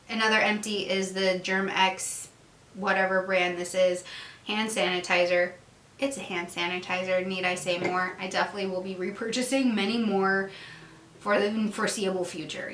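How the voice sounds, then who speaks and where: A chatty woman vlogger talks through her products in a relaxed, giggly way. Her voice is bright and crisp. The room around her is echoey. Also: medium pitch. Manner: chatty, giggly, acts out little dialogues. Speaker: beauty vlogger. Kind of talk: casual product review chat.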